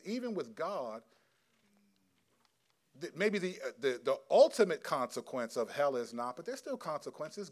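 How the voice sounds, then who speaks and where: A middle-aged man preaching as a pastor, earnest and conversational, answering a question from the congregation. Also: a little high. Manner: earnest, conversational, acts out quotes. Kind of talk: sermon with audience Q&A.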